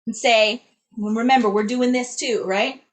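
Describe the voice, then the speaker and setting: A woman's voice: a little high, steady tone, normal speed. A young adult woman teaching a singing lesson, upbeat and demonstrative, checking in with "right?" after nearly every phrase. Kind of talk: vocal lesson to camera.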